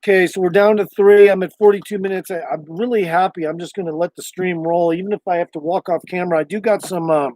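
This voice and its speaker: Streamer type: higher-voiced man, casual and cussing, dry close-mic home recording. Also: steady tone, fast talker, hardly any pauses, darkish tone, no room sound. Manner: loose, profane, meandering talk. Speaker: livestreamer. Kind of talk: casual rambling livestream chat.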